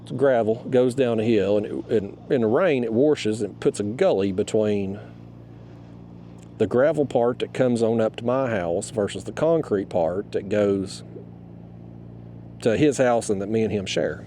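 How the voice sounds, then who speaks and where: A man's voice: fairly low pitch, measured pace, warm tone, slight background noise. A middle-aged man tells a rambling, fired-up story to camera while fishing from a kayak outdoors, swearing freely. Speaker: fishing vlogger.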